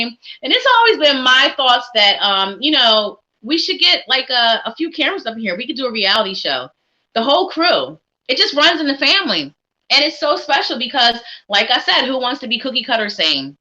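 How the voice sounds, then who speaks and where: A woman's voice: a little high, bright, forceful tone, low-quality recording. A woman hosting a live psychic reading stream, talking in an upbeat, encouraging, chatty way. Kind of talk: casual live-stream chat.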